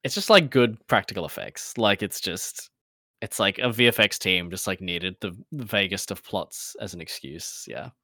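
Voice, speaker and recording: Bright-voiced man chatting casually. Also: sits low, normal speed, no echo, clean studio sound. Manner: relaxed, laughs often, easygoing. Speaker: podcast co-host. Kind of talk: casual chat.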